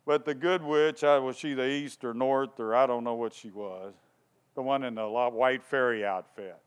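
Preacher with a smooth, resonant voice. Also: male voice, medium pitch, normal speed. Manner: storytelling, lively, asks the congregation questions. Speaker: pastor. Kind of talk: sermon.

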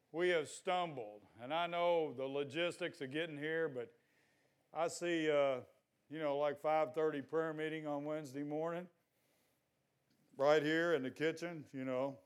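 An older man preaching a sermon in a folksy, exhorting way, at times breaking into loud shouts. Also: a little high, steady tone, measured pace, clear, resonant tone.

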